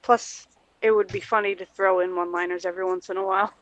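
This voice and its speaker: A woman's voice: fairly low pitch, fairly even intonation, fast, no room sound, dull audio. A woman in casual group chat, teasing and giggling.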